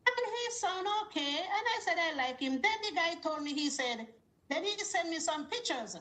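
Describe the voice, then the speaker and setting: A woman with a very high voice calls in to a talk show. She tells a long story and acts out every back-and-forth herself. Her voice comes through with a roomy echo. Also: moderate pace. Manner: animated storytelling with quoted dialogue. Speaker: caller. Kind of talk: call-in story.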